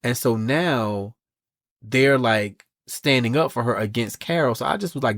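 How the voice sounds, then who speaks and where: A man co-hosting a podcast, casually recapping a comic book story in a sassy, animated way. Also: medium pitch, unhurried, no room sound, studio quality. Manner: animated and sassy, reads quotes in voices. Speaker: podcast co-host.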